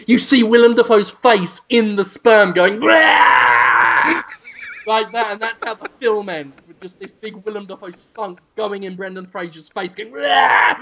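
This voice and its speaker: A man co-hosting a comedy podcast, pitching a made-up film in a rambling, animated way. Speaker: podcast co-host. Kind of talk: comedic storytelling chat.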